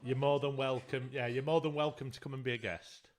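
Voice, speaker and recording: A man's voice: medium pitch, steady tone, a little fast. A man with a Sheffield accent co-hosting a podcast in casual chat, laughing often and trailing off mid-sentence. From Sheffield, England. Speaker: podcast co-host.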